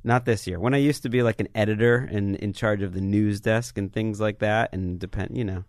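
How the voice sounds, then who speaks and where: A man's voice: fairly low pitch, steady tone, brisk, dry recording, clean studio sound. A man co-hosting a podcast, talking earnestly and rambling with plenty of fillers. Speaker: podcast co-host, football analyst. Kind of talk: casual chat.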